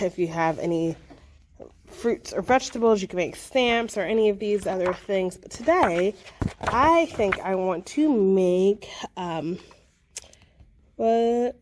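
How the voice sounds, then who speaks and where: Youngish woman, lowish voice, chatty craft how-to for kids w/ lots of ums. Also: a little mellow, a little hiss or hum. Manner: chatty and encouraging, with many fillers. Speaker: children's librarian hosting a craft video. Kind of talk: casual craft tutorial.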